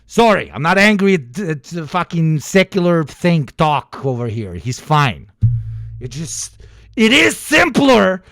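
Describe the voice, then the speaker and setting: A man delivers a fired-up, foul-mouthed political rant on his stream, his voice sitting high with a gravelly edge. He gets sweaty and flushed from the effort. His pitch leaps around wildly as he talks. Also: big pitch swings, a little slow, hardly any pauses, no echo, studio quality. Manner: profane, heated, shouts at times. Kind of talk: ranting political commentary.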